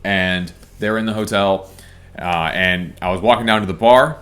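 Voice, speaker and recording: Male co-host, deep voice, relaxed anecdotal delivery. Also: moderate pace. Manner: relaxed, chatty anecdote teller. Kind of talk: casual storytelling.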